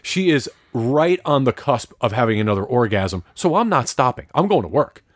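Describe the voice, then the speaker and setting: Man, casual podcast storyteller, profane and excitable, dry close sound. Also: mid-range voice, normal speed, dry recording.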